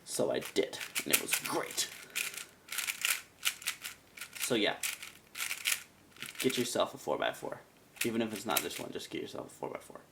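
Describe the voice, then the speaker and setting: A man's voice: on the low side, sing-song, moderate pace, vocal fry, very noisy. A man giving a casual product review in a rambling, chatty way with self-mocking asides. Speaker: cube reviewer.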